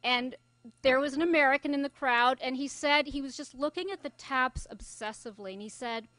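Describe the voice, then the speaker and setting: A woman's voice: high-pitched, fairly quick, a bit bright, no echo. A middle-aged woman from Scotland, a journalist giving closing remarks at a conference in a loose, conversational way with fillers. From Scotland (Glasgow). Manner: conversational, thinking aloud with fillers. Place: conference venue.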